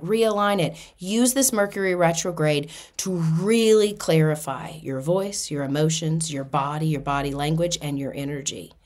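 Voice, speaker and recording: A woman hosting a spiritual self-help podcast, talking earnestly in long lists and rising into bright excitement when she quotes herself. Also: on the low side. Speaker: podcast host.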